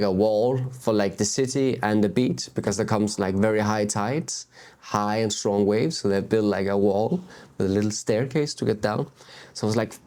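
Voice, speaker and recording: Candid man musing outdoors. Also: fairly low pitch. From Denmark. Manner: candid, animated, swears and laughs at himself. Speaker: spiritual vlogger. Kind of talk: casual spiritual talk to camera. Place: outdoors on a beach.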